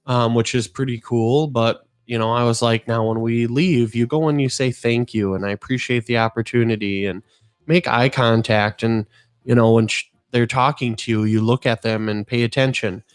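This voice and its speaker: Man, podcast host, middle-aged, earnest, rambling, mid-pitched voice. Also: moderate pace, smooth. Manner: earnest, rambling, animated storytelling. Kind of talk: casual podcast chat.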